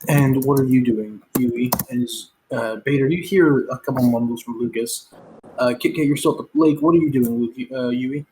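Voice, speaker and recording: A woman's voice: rumbling low, moderate pace, mellow, slight background noise, rough recording. A woman running a tabletop game as game master, narrating casually with lots of ums and likes. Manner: casual, filler-heavy narration with many "um" and "like".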